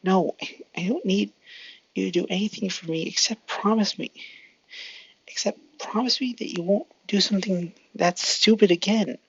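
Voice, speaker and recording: A worried teenage girl who scolds through her tears, pitched high above the narrator's own voice, as the storyteller puts her on. The recording is dry and dull, and the voice has a gravelly edge. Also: moderate pace, dry recording. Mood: tearful scolding. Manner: tearful, scolding.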